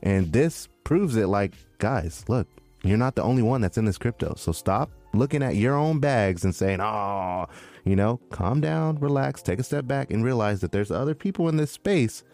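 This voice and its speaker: A low-pitched man co-hosting a casual podcast, excitable and full of slang. Faint music plays underneath him. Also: normal speed. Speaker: podcast co-host. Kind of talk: casual crypto chat.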